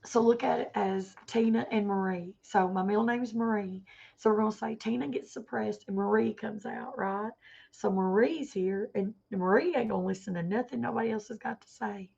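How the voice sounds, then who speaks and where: A woman with a gravelly, husky voice, a little higher than most, talking on a livestream. She speaks earnestly and rambles, circling back and repeating herself. The audio is dull and lo-fi. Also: steady tone, normal speed, darkish tone. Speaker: livestream vlogger. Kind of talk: emotional personal livestream talk.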